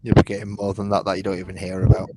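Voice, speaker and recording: A low-voiced man talks fast and bluntly, with a swear here and there. His voice echoes around the room over loud, constant clicking. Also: completely flat delivery, heavy background noise. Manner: quick, blunt, swearing asides. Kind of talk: casual chat.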